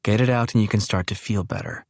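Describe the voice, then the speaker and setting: A man reading as a brisk, teasing young caregiver. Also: fairly low pitch, huge pitch swings, vocal fry, dry recording, clean studio sound, heavily acted. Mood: soothing. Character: plainspoken young woman caregiver, teasing and kind.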